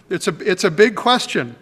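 Slow, bright-voiced preacher in a reverberant hall. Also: male voice, high-pitched, very animated, breathy edge. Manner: emphatic, deliberate preaching with slow, stretched phrases. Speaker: pastor. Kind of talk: sermon. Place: church sanctuary.

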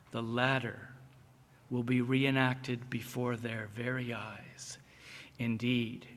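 A man preaching an expository sermon, reading scripture slowly and with deliberate emphasis. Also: medium pitch. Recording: long reverb of a large hall.

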